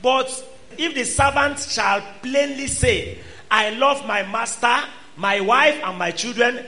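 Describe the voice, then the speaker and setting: A man preaching a sermon, swinging between loud exhortation and quiet asides. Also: extremely high pitch, slow, gravelly.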